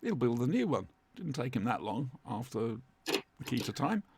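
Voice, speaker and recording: A man's voice: medium pitch, big pitch swings, moderate pace, slight background noise. A man with a chatty, wry manner, co-hosting a casual watch-along commentary from home. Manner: chatty, wry, fond asides. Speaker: podcast co-host watching along. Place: home room, dry sound.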